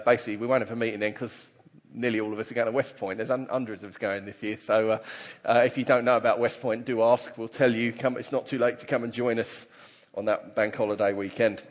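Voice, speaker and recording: Preacher in a reverberant hall. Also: male voice, medium pitch. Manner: conversational, animated when reading scripture. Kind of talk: sermon with scripture reading. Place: church hall.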